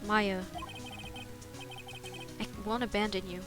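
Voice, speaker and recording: A woman's voice: medium pitch, steady tone, slow pace, over music, natural voice. A woman reading the lines of a determined young male defense lawyer in a game, earnest and reassuring.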